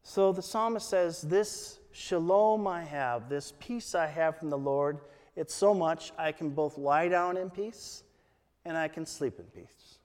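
A man preaching a sermon as a pastor, quoting scripture in a slow, deliberate way. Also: fairly high pitch, a little mellow, big-room sound.

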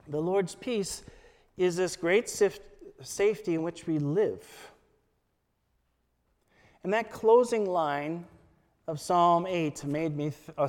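A man preaching in a church, his slightly high voice carrying a long reverb. He speaks slowly and deliberately, reading scripture aloud and pausing between phrases. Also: darkish tone. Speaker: pastor. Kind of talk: sermon.

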